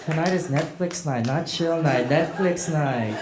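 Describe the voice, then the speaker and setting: A man doing a stand-up comedy set on a club stage, chatting with the crowd and acting out voices. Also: a little high. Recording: echoey club with audience noise.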